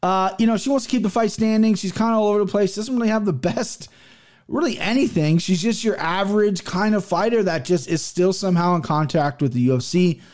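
A man's voice: high-pitched, fairly quick, a little mellow. A young man giving casual MMA betting picks, profane and rambling, with many restarts. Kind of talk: casual solo picks show.

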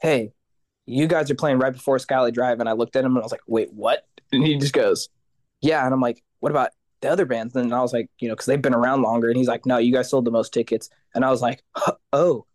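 A man's voice: medium pitch, fairly even intonation, fast talker, darkish tone, no room sound. A man, a guest vocalist in a casual interview, telling stories animatedly, acting out the voices of others and swearing casually.

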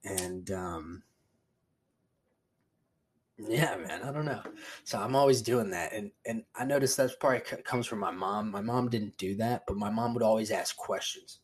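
A man's voice: on the low side, normal speed, slight background noise. A young man hosting a podcast alone, telling rambling, profane, laid-back stories in casual talk. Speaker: podcast host. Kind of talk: casual solo podcast monologue.

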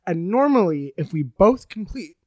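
A woman guest on a comedy podcast, telling an absurd improvised story with playful, theatrical deadpan. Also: lowish voice, normal speed, dry recording.

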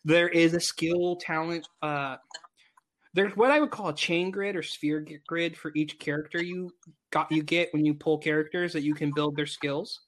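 Chatty man, slightly high voice. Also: moderate pace, fairly bright tone. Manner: enthusiastic, rambling with restarts. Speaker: podcast co-host. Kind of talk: casual gaming podcast chat.

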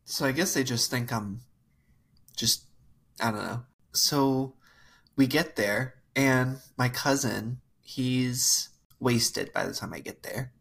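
A woman co-hosting a podcast, casually telling a family story in a wry, amused way with drawn-out asides. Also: rumbling low, gravelly, slightly rough. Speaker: podcast co-host.

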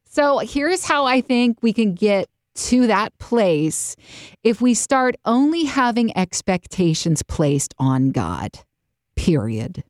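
A woman hosting a faith-based podcast, chatting and telling stories with animated, lively delivery and quick jumps into voices. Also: a little high, no room sound, studio quality. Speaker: podcast host.

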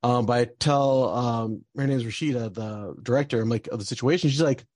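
A man's voice: mid-range voice, fairly quick, darkish tone, no room sound. A young man telling a personal story in a casual, rambling way, with lots of fillers and bursts of frustration. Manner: rambling, many fillers, gets heated and swears.

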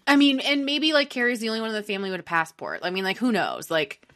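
A woman's voice: mid-range voice, big pitch swings, fast, fairly bright tone, a little hiss or hum. A woman co-hosting a casual podcast, reacting to the story with jokes and laughter. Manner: reactive, joking, laughs often. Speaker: podcast co-host.

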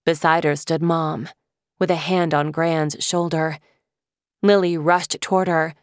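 A woman narrating a children's fantasy novel in a measured, vivid storytelling manner. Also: low voice, fairly even intonation, no room sound, clean studio sound. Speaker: audiobook narrator. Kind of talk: scripted narration.

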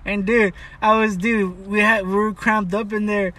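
A man's voice: high voice, little pitch movement, normal speed, a bit bright. A man hosting a casual podcast and telling a story among friends, laid-back, swearing often and laughing. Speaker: podcast host. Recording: slightly distant mic with faint background noise.

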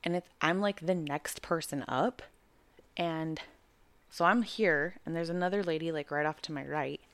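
A young adult pregnant woman co-hosting a podcast, telling an animated, profane story and acting out the quotes. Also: deep voice, moderate pace, dry recording. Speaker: podcast co-host. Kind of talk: casual storytelling chat.

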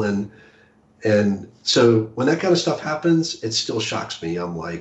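A male author talking casually as an interview guest, halting with many restarts and fillers. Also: on the low side, expressive. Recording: echoey room, dull lo-fi audio.

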